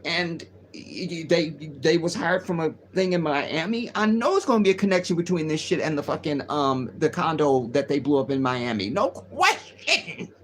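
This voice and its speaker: A man's voice: a little high, moderate pace. A man hosting a casual livestream, reading news aloud and riffing on it in a rambling, profane way. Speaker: livestream host.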